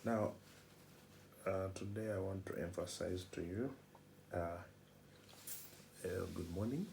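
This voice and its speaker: A man's voice: deep voice, slow pace, gravelly, a little mellow, a little hiss or hum. A man giving a math lecture, repeating his phrases and posing rhetorical questions to the class.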